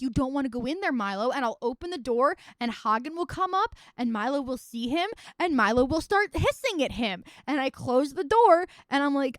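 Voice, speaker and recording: A woman's voice: high-pitched, no room sound, clean studio sound. A young woman streaming live, chatting casually and wryly about films, rambling and swearing freely. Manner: rambling, profane and wry.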